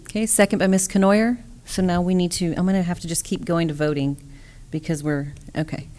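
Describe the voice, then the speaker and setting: A woman chairing a school board meeting, moving briskly through procedure and votes. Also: on the low side, steady tone, darkish tone. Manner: brisk procedural, casual asides.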